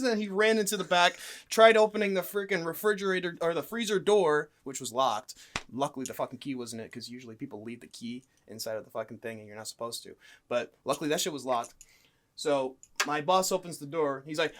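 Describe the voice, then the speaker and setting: A young man casually telling stories about his fast food job, swearing a lot and acting out the people in loud, high voices. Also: expressive. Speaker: guest telling work stories. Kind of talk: casual storytelling chat.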